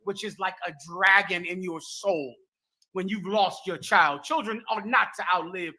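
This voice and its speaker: A man's voice: high voice, unhurried, pushed and bright. Preaching man with biblical phrasing. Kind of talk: sermon-like commentary.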